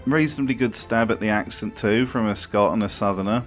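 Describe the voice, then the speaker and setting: A man's voice: on the low side, brisk, faint music behind. A man narrating a comedic video essay with a wry, mocking tone and dry asides. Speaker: video commentator.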